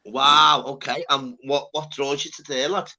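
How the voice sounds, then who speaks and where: Brash, bright-voiced man. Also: mid-range voice, steady tone, measured pace. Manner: brash, swearing, says "lad" constantly. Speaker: livestream host. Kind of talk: casual chat.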